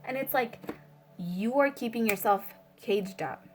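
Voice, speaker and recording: A woman's voice: on the high side, a little slow, soft background music. A woman giving a casual spiritual tarot reading, rambling with many fillers and swearing freely. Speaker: tarot reader.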